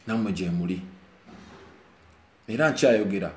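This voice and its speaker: A man's voice: low voice, lively intonation, normal speed, long pauses. A man giving an earnest, preachy monologue, emotional and mixing two languages, speaking indoors. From Uganda. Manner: earnest, preachy, switches between Luganda and English. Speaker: commentator speaking to viewers. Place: indoors, rain outside. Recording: roomy echo, faint background hiss.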